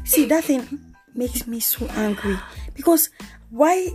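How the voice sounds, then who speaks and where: A young woman with a Nigerian accent, a student-aged podcast co-host, telling stories in an animated, exasperated way in casual chat. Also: on the high side, takes it slowly, faint music behind. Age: young adult.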